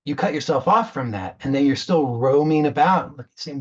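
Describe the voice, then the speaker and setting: A man's voice: on the high side, animated, moderate pace, slightly rough, highs cut off. A man giving a spiritual talk as a coach, earnest, often repeating words and restarting as he retells a parable.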